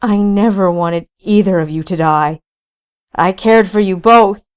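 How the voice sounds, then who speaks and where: A guilt-ridden bounty hunter pleading loudly, his voice quivering with anguish, as a woman reading the story puts him on. Slow, low-set delivery.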